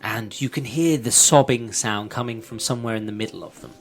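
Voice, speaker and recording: A man narrating a tabletop role-playing game as game master, describing scenes in an unhurried way. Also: mid-range voice, faint music behind.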